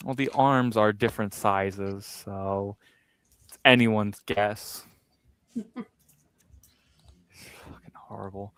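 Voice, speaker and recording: A man's voice: on the low side, fairly even intonation, slow, a bit bright, clear, resonant tone, dry recording. A man hosting a casual comics chat, joking and swearing, often breaking into laughter. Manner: profane, joking, bursts of laughter. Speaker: podcast host.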